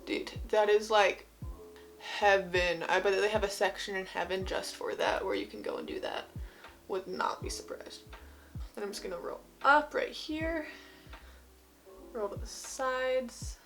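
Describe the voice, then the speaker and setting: A woman's voice: mid-range voice, measured pace, a bit bright, soft background music. A young woman from Utah with a slight Utah accent, chatting through an at-home skincare routine in a bubbly, rambling way. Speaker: beauty vlogger. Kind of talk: casual skincare tutorial. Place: home, indoors.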